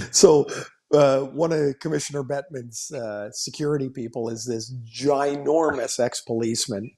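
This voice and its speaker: A man's voice: medium pitch, fairly even intonation, measured pace, mellow. Blunt man on a sports podcast. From Canada. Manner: blunt, storytelling, laughing asides. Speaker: podcast co-host, former player. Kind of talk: casual sports chat.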